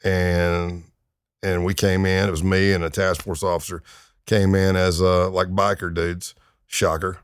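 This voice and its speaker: A man's voice: low voice, flat delivery, a little slow, smooth. A middle-aged man, a retired undercover agent, telling crime stories in a casual, laid-back way, with lots of fillers and chuckles. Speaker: retired FBI undercover agent, podcast guest. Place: podcast studio.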